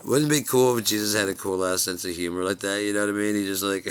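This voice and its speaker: A man's voice: on the low side, quick pace, few pauses, a little hiss or hum. A man in a rambling, profane casual monologue, chuckling at his own jokes.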